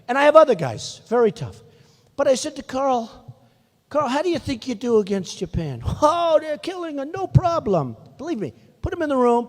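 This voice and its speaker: A man's voice: sits high, darkish tone, husky, big-room sound. An older man giving a rambling, boastful campaign rally speech, talking to the crowd in repetitive asides. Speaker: political candidate at a rally. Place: large rally venue.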